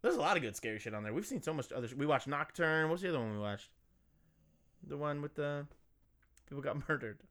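Fast-talking, profane podcast co-host man. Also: a little high, animated, fairly bright tone. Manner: profane, joking, quick banter. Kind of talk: casual chat.

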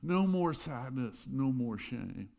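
A middle-aged man preaching a sermon, telling stories with loud bursts and quiet asides. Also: mid-range voice, slow, creaky. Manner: animated storytelling, swings between loud bursts and quiet asides. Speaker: pastor.

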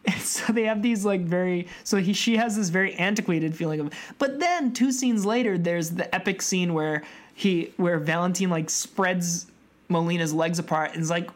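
A woman co-hosting a film podcast, retelling the plot in a chatty, animated way. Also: lowish voice, normal speed. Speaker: podcast co-host. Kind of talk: casual film podcast chat.

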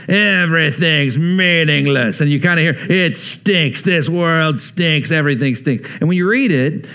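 Speaking to his congregation like a friend, a slightly high-voiced pastor in his thirties delivers a sermon. Loud, urging moments alternate with hushed, heavy stretches.

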